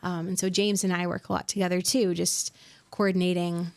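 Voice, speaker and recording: A woman's voice: lowish voice, flat delivery, brisk, creaky. Reflective woman in her twenties. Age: 20s. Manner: reflective, soft-spoken, many fillers. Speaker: worship pastor. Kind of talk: podcast interview.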